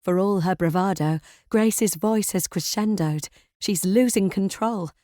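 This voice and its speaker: A woman narrating a thriller audiobook in first person, tense and measured. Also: medium pitch, warm tone, dry recording, studio quality.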